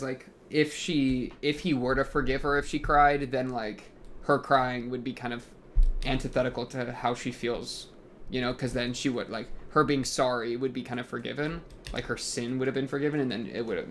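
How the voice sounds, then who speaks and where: A man's voice: mid-range voice, steady tone, moderate pace, fairly bright tone, slight background noise. A young man hosting an anime reaction, talking casually and rambling, full of fillers as he thinks aloud.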